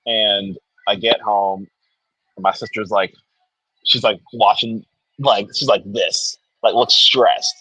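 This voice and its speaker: A man's voice: on the low side, takes it slowly, slightly rough, no echo, low-quality recording. A young man with a New Jersey accent telling a story in casual chat, acting out what people said. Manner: animated, acts out quoted people. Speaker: guest comic creator.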